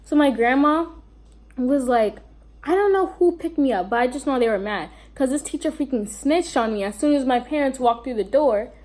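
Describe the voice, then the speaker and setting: A woman's voice: sits high, expressive, normal speed, darkish tone. A young woman with a New York accent telling a rambling storytime vlog, full of fillers and asides. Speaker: vlogger.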